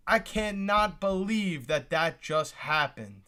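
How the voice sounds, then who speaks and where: Reacting to the draft on a live stream, a young man fills the air with exclamations and repeated lines while constantly addressing his chat. His voice runs high for a man, with a bright, forward edge and lively intonation. He speaks a little slowly, leaving long pauses.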